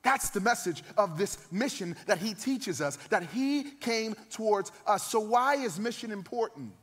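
A man's voice: sits high, animated, measured pace, in a large hall. A man in his thirties, a pastor, preaching a sermon with emphatic, rising peaks. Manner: emphatic, builds to loud peaks.

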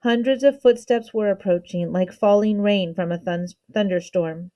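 A woman teacher reading a children's novel aloud with steady, expressive storytelling. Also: mid-range voice, normal speed, lo-fi sound.

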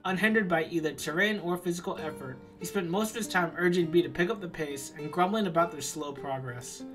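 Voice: mid-range voice, brisk, fairly bright tone, faint music behind, rough recording. A streamer reading a visual novel aloud on a live stream, with playful, self-mocking asides.

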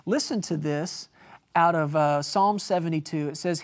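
A man's voice: sits high, normal speed. A man preaching a televised sermon, telling a story and reading scripture aloud, rising to emphatic stresses on key words. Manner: reads scripture aloud between stories.

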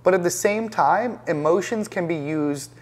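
A man's voice: sits high, moderate pace. A man, a professional trader, talking as the guest in an indoor interview, intense and emphatic, often repeating words as he builds a point. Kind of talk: conversational interview. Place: penthouse apartment, indoors.

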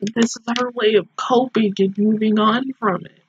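Tearful, high-voiced woman reacting to anime. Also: fairly even intonation, normal speed, highs cut off, a little hiss or hum. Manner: emotional, tearful exclamations. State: tearing up. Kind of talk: casual reaction commentary.

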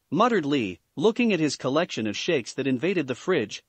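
A man reading fan fiction aloud in an animated, slightly stumbling way. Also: fairly high pitch, moderate pace, few pauses, breathy edge, no room sound. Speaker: story reader.

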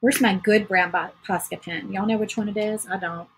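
A woman's voice: medium pitch, fairly even intonation, normal speed, slight background noise, poor audio. A woman hosting a casual crafting livestream, chatting to viewers while she paints. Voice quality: very husky.

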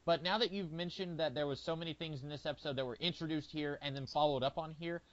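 A man's voice: on the high side, quick pace, fairly bright tone. Easygoing man on a muffled podcast. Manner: easygoing, hesitant with many uh fillers. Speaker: podcast co-host. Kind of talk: casual TV discussion chat.

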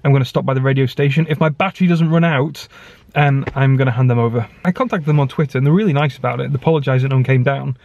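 A man narrating his day in a casual vlog, chatty and quick to rant when annoyed. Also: medium pitch, creaky, a little mellow, muffled recording. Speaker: vlogger.

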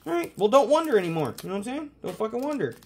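A young man hosting a casual card-opening video, excitable and swearing constantly as he hypes each card. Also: high-pitched, rapid-fire, slight background noise. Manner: profane, excitable, hyped. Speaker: host opening sports cards.

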